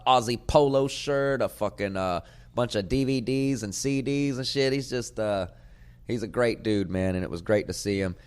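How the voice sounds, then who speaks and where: A man hosting his own podcast as a comedian, rambling in a profane, casual way and sometimes breaking into loud shouting. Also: medium pitch. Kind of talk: casual chat.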